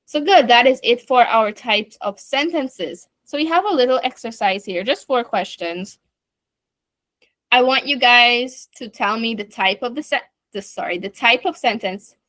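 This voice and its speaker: A woman's voice: fairly high pitch, measured pace, fairly bright tone, no room sound. A woman teaching an online class, explaining step by step with chatty asides.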